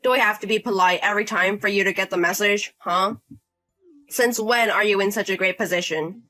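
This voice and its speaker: A woman reading as a condescending, bossy man in his thirties, scolding as if he owns the place. The voice is bright and forward, with a demanding, talking-down manner. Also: mid-range voice, steady tone, fairly quick, natural voice.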